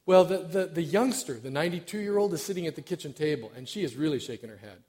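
A middle-aged man with a slightly high voice gives an informal sermon. He is self-deprecating and hesitant, and often pauses on fillers as he speaks. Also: expressive, darkish tone. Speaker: church stewardship director preaching.

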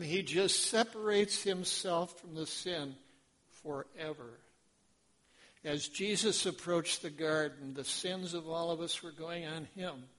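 A man preaching a sermon as pastor, in a slow, dramatic delivery that swings between hushed lines and loud ones. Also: on the high side.

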